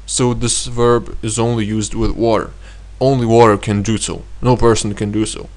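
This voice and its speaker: A man teaching a vocabulary lesson, explaining with many pauses and saying each word twice. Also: fairly low pitch, level tone, a little mellow. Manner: explains slowly, repeats words twice, many hesitations. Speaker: language teacher.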